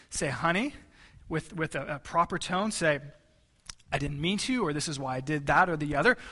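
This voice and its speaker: A man preaching a sermon in a conversational way, slowing down to stress key phrases and acting out quoted arguments between spouses. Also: high-pitched, pushed and bright. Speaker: pastor.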